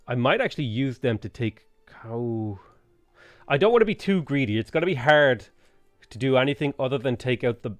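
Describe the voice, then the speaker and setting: A man streaming a strategy game live, thinking aloud in a relaxed way with frequent ums. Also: medium pitch, dry recording. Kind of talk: live gameplay commentary.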